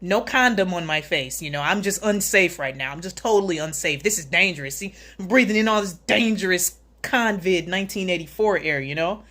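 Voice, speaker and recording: A woman's voice: fairly low pitch, fairly quick, few pauses, fairly bright tone. A woman hosting a casual livestream, reading chat comments aloud, greeting viewers by name, and joking sarcastically with frequent laughs. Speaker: livestream host.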